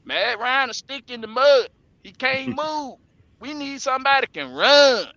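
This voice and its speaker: High, bright male co-host, joking and profane, dry lo-fi sound. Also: expressive, normal speed, dry recording. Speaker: podcast co-host. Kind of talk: casual joking banter.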